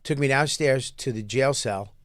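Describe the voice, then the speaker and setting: A man's voice: mid-range voice, moderate pace, no echo, studio quality. A middle-aged man telling a loose, profane story in casual chat as podcast co-host, with many restarts.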